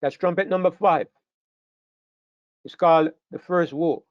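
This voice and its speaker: Leading a Bible study class, a man with a fairly high voice speaks at a measured pace with fairly even intonation, hammering home points by repeating key words and pausing to check that the room is following. The recording is dull and lo-fi, dry and close to the voice, with no room sound.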